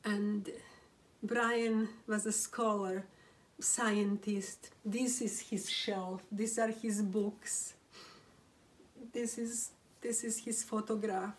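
A grieving woman telling a personal story at home, in a halting voice near tears with whispered phrases and many restarts. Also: mid-range voice, fairly even intonation, recorded from a distance, poor audio. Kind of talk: emotional first-person storytelling. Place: room at home, seated.

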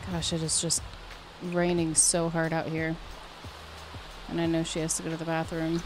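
A woman's voice: low-pitched, monotone, normal speed, noisy background. A woman giving casual, chatty commentary over her life-sim game, talking to her characters and laughing often. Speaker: gameplay streamer.

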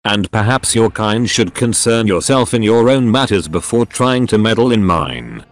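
Brief: a synthetic man reads a formal, menacing machine sorcerer in a storybook tale, low and lively in pitch. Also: normal speed, lightly acted. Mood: cold. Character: cold ancient male robot sorcerer, scheming.

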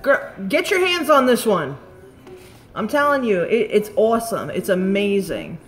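A woman's voice: medium pitch, very animated, a little slow, faint music behind. A woman, rambling and swearing casually as she chats on a live stream about beauty products. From Staten Island, New York. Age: late 30s.

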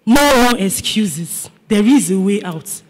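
High husky pastor preaching. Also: male voice, lively intonation, takes it slowly. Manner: emphatic, repetitive, calls for response. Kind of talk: sermon.

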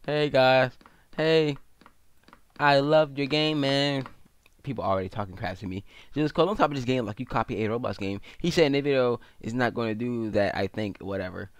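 Guy doing goofy let's-play commentary, medium voice, gets super excited and squeals high. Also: normal speed, clean tone, no room sound. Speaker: gaming video host.

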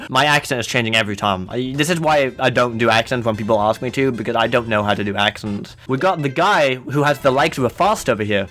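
A man's voice: medium pitch, fast, few pauses, a bit bright, faint music behind. A man streaming a video game, making casual commentary full of joking, self-mocking asides.

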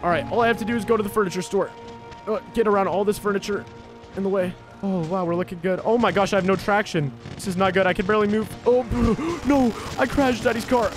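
A man giving excitable let's play commentary, narrating his own moves in the first person with frequent exclamations. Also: high voice, quick pace, over music. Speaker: gaming video creator.

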